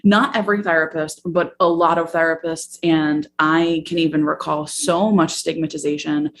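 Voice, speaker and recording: Low, gravelly-voiced woman podcast host. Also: fairly even intonation, a little hiss or hum. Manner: reflective, candid, halting with fillers. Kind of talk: personal podcast monologue.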